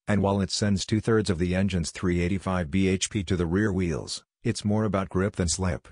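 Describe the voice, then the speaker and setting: Male voice-over, low register, steady scripted delivery, dry close sound. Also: no room sound. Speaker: car reviewer.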